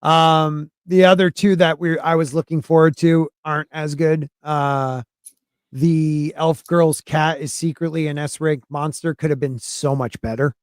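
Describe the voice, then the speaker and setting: A man's voice: a little high, fairly even intonation, a little slow, clean tone, dry recording. Chatty man with a dry close sound. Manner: rambling, chatty, frequent restarts. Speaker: podcast co-host. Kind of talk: casual chat about anime.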